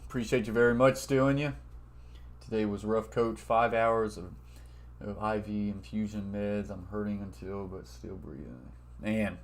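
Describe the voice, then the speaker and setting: A man hosts a casual live sports watch-party stream. He reads viewer comments aloud and thanks people by name. He turns loud and excited when donations arrive. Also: lowish voice, normal speed.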